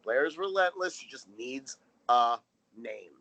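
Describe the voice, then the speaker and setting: A man with a bright, forward voice co-hosts a comedy podcast, walking through an episode's plot. He drops wry, dry asides as he goes, in a relaxed and unscripted way. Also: medium pitch, a little slow, rough recording. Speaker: podcast co-host. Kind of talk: casual comedic recap chat.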